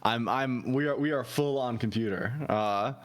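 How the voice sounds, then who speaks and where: A man's voice: mid-range voice, moderate pace, clear, resonant tone. A man in his twenties chatting casually as a guest on a stream. He rambles and repeats himself as he starts sentences. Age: 20s.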